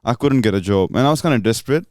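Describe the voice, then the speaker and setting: A laid-back young man swapping work stories on a podcast. His voice sits mid-range and sounds smooth and clear, with a dry, close recording. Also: medium pitch, animated, very fast, a little mellow, no room sound. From Australia. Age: young adult. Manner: laid-back, says "bro" a lot. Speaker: podcast co-host. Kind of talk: casual chat, storytelling.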